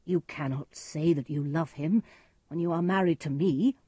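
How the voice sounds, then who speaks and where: A woman's voice: low-pitched, moderate pace, dark tone, slightly rough, no room sound, clean studio sound. A woman reading a storybook voices a stern, righteous nobleman who speaks firmly.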